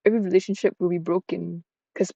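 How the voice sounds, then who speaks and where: Woman doing vengeful curse-casting girl, solemn chant, dark dry voice. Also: lowish voice, fairly even intonation, fast, gravelly, dry recording, highs cut off.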